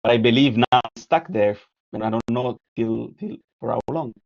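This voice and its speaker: A man with an Italian accent gives an art lecture, clicking through slides and reading a story aloud. He talks at a middle pitch, pauses often and restarts his phrases. The recording sounds dull and lo-fi. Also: creaky, darkish tone. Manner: hesitant, with frequent fillers and restarts. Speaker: artist giving a lecture. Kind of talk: lecture presenting slides, partly read aloud.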